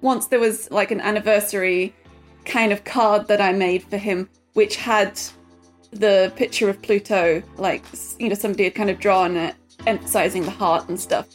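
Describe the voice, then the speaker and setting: A woman's voice: mid-range voice, steady tone, normal speed, soft background music. A woman from England telling a personal story in a casual, hesitant way. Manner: hesitant, fillers and restarts. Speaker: interview guest.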